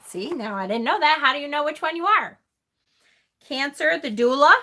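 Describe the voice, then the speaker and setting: A woman's voice: sits high, animated, normal speed, sharp tone. A woman hosting a live stream in a chatty way, laughing often as she reads aloud and answers her chat. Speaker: host of a tarot channel.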